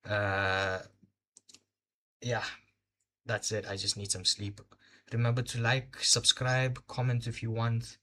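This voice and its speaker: A young man from Botswana, of Indian heritage and a first-language Hindi speaker, hosts a live race watch-along recap while tired and short on sleep. He talks slowly with long pauses in a sharp, medium-pitched voice with little pitch movement, hesitating and filling as he searches for words.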